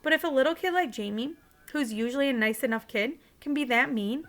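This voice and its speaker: A woman's voice: sits high, fairly quick. A woman teacher reading a novel aloud in a casual, conversational way, sometimes restarting a line.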